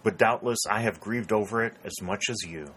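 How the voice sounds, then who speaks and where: Shrewd old fat contractor guy, smooth and sure of himself, man reading him. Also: on the low side, normal speed, a bit bright, a little hiss or hum, close to an everyday voice, poor audio. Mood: self-assured. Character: elderly rotund male war contractor, shrewd and alert.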